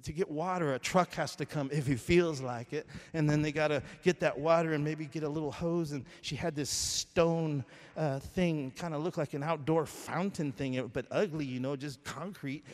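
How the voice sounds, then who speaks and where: A man preaching a sermon, moving between quiet storytelling and loud, shouted exhortation, with long reverb from a church hall. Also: on the high side, normal speed, hardly any pauses.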